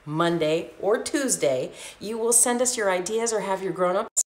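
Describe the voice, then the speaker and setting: A woman's voice: mid-range voice, moderate pace, a little mellow. A woman co-hosting a children's storytime livestream, chatting cheerfully and asking questions of young viewers. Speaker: co-host. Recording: echoey room, faint background noise.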